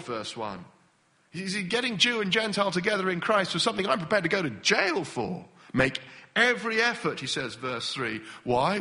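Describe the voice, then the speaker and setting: Man preaching, bright voice, somewhat high, animated delivery. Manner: animated, acts out impatient voices. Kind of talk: sermon.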